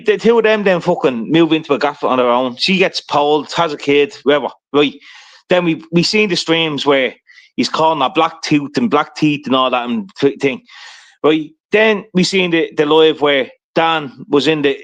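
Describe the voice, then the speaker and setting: A man telling a rambling, profane story in casual livestream chat, peppering it with "right?". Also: fairly high pitch.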